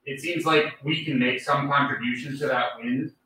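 Flat-voiced man asking from across an echoey room. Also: mid-range voice, moderate pace, slight background noise. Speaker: audience member asking a question. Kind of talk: audience question. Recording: very echoey room, far from the mic.

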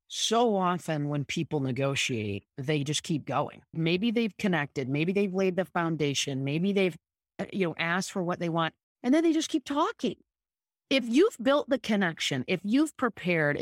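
A woman's voice: fairly low pitch, dry recording, studio quality. A woman guest telling negotiation stories in a podcast interview, emphatic and punchy, repeating her key points. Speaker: guest, sports agent. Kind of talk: conversational storytelling in a podcast interview.

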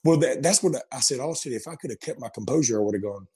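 Husky man in his forties spinning a yarn. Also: medium pitch, quick pace, few pauses. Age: 40s. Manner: animated storyteller, laughs through his punchlines. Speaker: radio show host telling a story. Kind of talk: casual chat.

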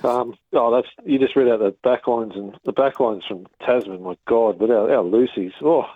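An Australian man calls in to a radio show, chatting in a friendly, rambling way over a husky telephone line. His voice is mid-range at a normal speed, with no echo.

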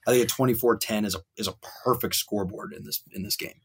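A man co-hosting a casual sports betting chat, ranting in an animated, hyperbolic way. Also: lowish voice, breathy edge. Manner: animated, hyperbolic, rapid rants. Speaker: sports podcast co-host.

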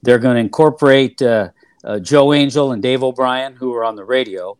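An older man, a former ballplayer turned TV analyst, telling stories in a relaxed interview with many fillers and restarts. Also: medium pitch, moderate pace, clean tone, no room sound, studio quality. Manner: rambling, filler-heavy recollection with frequent restarts. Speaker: former player and TV analyst, guest.

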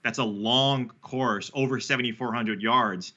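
A man's voice: medium pitch, steady tone, a little slow, sharp tone, highs cut off. A man talking through betting picks in a casual podcast chat, rambling and correcting himself with fillers. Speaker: sports betting analyst guest.

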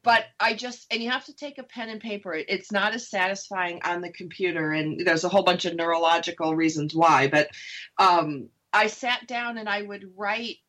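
A woman's voice: on the low side, normal speed, fairly bright tone. A woman radio host talking candidly about recovering from divorce in a casual conversation. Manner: chatty, candid, laughs easily. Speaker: radio show host sharing her divorce story.

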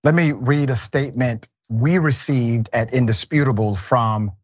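A man's voice: medium pitch, a little slow, slightly rough, dry recording, lo-fi sound. A man hosting an interview show, speaking in a formal, announcer-like way. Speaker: host.

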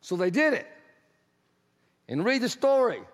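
A preacher with a very high voice delivers an unhurried sermon, telling its stories energetically and acting out the characters. He sometimes climbs into shouting, and a long reverb makes it sound like a large hall.

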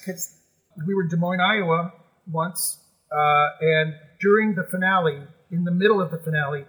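A middle-aged man, a musical theater actor, telling emotional stories as a guest, animated and full of restarts. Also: high-pitched, normal speed, low-quality recording. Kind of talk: conversational storytelling.

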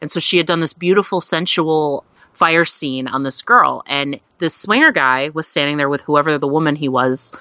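A woman's voice: low voice, normal speed, hardly any pauses, bright, forceful tone, no echo. A woman telling a long anecdote as a guest, rambling with fillers and laughing often. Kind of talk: casual storytelling. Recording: dull lo-fi recording.

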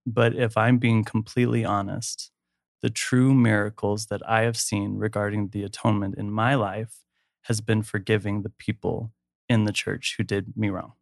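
A man's voice: on the low side, little pitch movement, moderate pace, gravelly, no echo, clean studio sound. A man speaking candidly and emotionally as a guest in a personal conversation, laughing easily.

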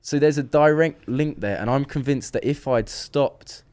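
At a moderate pace and medium pitch, the man tells his story as a podcast guest in an easygoing chat. He brings it to life by acting out what people said, though he restarts often.

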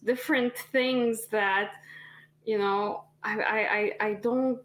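A woman's voice: fairly high pitch, steady tone, takes it slowly, fairly bright tone. A woman from Canada with an accent that mixes French and Arabic, speaking as a podcast guest in a reflective, hesitant way. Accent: mix of French and Arabic. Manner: reflective, hesitant, with many restarts. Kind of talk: casual interview chat.

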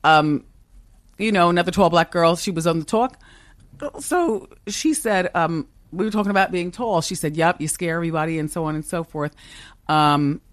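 Here a talk show host takes the guest seat for a relaxed podcast interview in the studio. The middle-aged woman has a lowish voice at normal speed, confident and strong, with plenty of laughter, and the recording is dry.

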